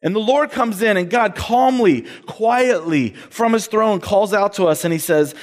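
A man preaching a sermon to college students as a campus minister, animated, acting out the voices he quotes. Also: high voice, unhurried, hardly any pauses, in a large hall.

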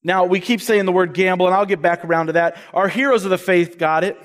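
Serving as a campus minister, a man preaches to college students in a large hall. He's high-pitched and talks fast, animatedly acting out the voices of those he quotes.

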